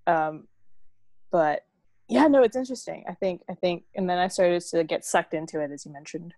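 A woman's voice: on the low side, moderate pace, warm tone, dry recording. A woman in casual conversation, chatty and laughing, with lots of fillers and restarts. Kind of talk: casual chat.

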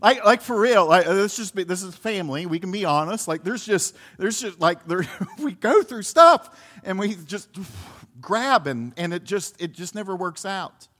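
A man's voice: high voice, animated, moderate pace, a bit bright. A man preaching a sermon in a conversational way, full of restarts, asides and laughs. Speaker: pastor.

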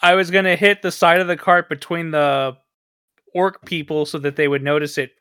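A man's voice: fairly high pitch, steady tone, normal speed, sharp tone, clear, resonant tone, dry recording, studio quality. A man playing a tabletop game, talking casually with jokey asides and exclamations. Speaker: player.

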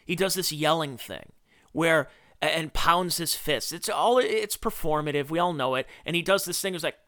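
A man hosting a podcast, giving sarcastic, opinionated political commentary in an animated rant. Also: fairly high pitch, moderate pace, no echo, studio quality. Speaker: podcast host.

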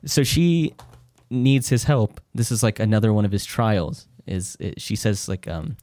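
Man, low voice, casual movie talk, rambling retelling, dry close sound. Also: unhurried, no room sound. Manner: rambling, animated retelling with many restarts. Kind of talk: casual film discussion.

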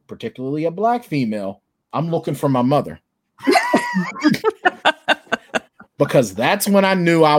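A man chatting casually and telling stories with lots of laughter. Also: on the high side. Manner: animated, laughing storyteller. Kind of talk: casual chat.

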